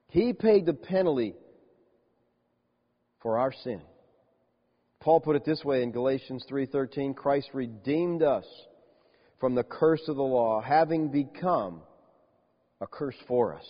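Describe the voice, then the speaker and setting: Male pastor, husky, fairly high voice, emphatic sermon delivery, muffled hall recording. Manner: emphatic preaching, slowing and dropping soft on key words. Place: church sanctuary. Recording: dull lo-fi church recording with long reverb.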